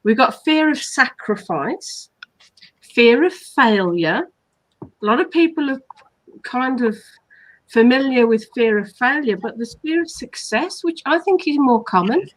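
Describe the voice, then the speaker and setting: A woman from England hosts a live online talk as a hypnotherapist. She explains her points earnestly and works through them one by one, in a slightly high voice. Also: animated, measured pace, rough recording. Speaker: hypnotherapist host.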